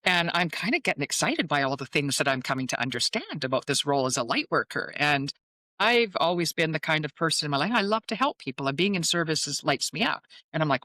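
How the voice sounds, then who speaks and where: Her pitch sits low and her pace is quick, recorded without echo. This fifties-aged psychic medium, appearing as an interview guest, recounts a personal story and performs each line of dialogue with animation.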